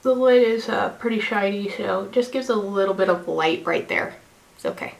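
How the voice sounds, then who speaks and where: A woman's voice: mid-range voice, normal speed, creaky, slight background noise. A young woman chatting casually through a makeup tutorial as a beauty vlogger, rambling, self-deprecating and restarting her sentences.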